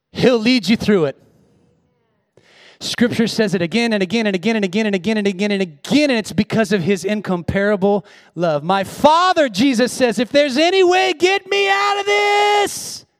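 Male pastor, high voice, dry close sound, sermon from hushed to shouting. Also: no room sound. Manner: swings from hushed intimacy to shouted exhortation.

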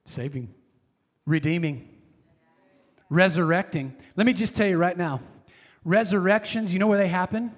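A man in his thirties preaching a fervent sermon as pastor, swinging from hushed lines to loud emphasis. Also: high-pitched, normal speed, long pauses. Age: 30s. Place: large church hall. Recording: long hall reverb.

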